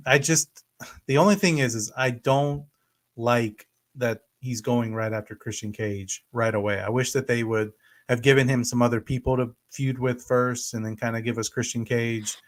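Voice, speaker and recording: A man's voice: mid-range voice, steady tone, normal speed. Easygoing, hesitant male podcast co-host. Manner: easygoing, hesitant, many fillers. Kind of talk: casual wrestling podcast chat.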